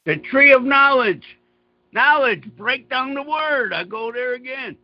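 A man's voice: very high-pitched, expressive, unhurried, no echo, muffled recording. A man in casual chat who rambles through emphatic, profane rants.

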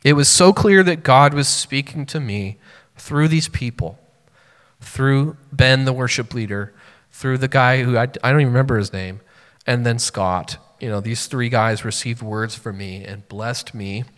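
A man's voice: mid-range voice, measured pace, a bit bright. A man in his thirties preaching a sermon as a pastor, speaking earnestly and personally in a conversational way with many fillers. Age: 30s. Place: church sanctuary. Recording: long hall reverb.

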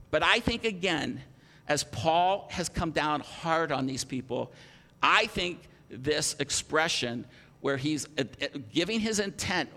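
A male pastor preaching a sermon, earnest and emphatic, acting out lively rhetorical quotes. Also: high-pitched, big-room sound.

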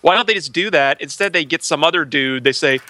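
A man's voice: a little high, a little fast, pushed and bright, slight background noise. A man co-hosting a casual podcast, ranting crudely with lots of profanity. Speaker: podcast co-host.

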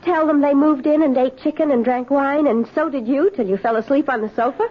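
An actress playing a brazen, mocking young squatter. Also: female voice, high-pitched, fairly quick, close to an everyday voice. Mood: taunting. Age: young adult. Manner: taunting, sing-song. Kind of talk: 1970s radio drama acting. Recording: dull old radio broadcast with hiss.

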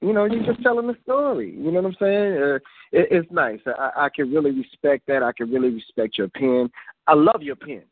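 Over a phone line, the host of a call-in poetry show chats casually, easygoing and loose, leaning on "you know what I'm saying" again and again. He talks fairly quickly in a slightly high voice, with no echo.

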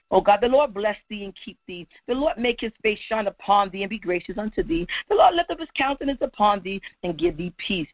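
A woman's voice: medium pitch, dry recording. A woman leading a fervent spoken prayer, repeating "oh God" between phrases and rising to cries. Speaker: prayer leader. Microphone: phone line. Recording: tinny phone line.

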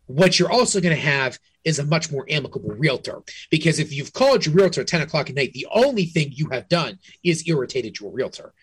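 A man's voice: fairly high pitch, sing-song, fairly quick, hardly any pauses, slightly rough, no room sound. A man co-hosting a real estate podcast, talking frankly and casually, often restarting his sentences. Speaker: realtor podcast co-host.

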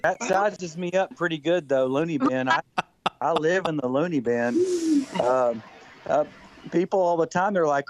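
A man's voice: a little high, very animated, unhurried. A man from West Texas, a country singer-songwriter, telling stories as a guest in a rambling, laughing way that repeats words. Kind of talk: casual storytelling. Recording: dull lo-fi sound.

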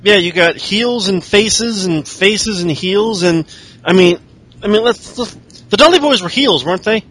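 A man's voice: high voice, measured pace, fairly bright tone. A man co-hosting a podcast, recapping wrestling in a crude, sarcastic, joking way. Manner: crude, sarcastic, mocking impressions. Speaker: podcast co-host. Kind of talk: casual wrestling recap chat.

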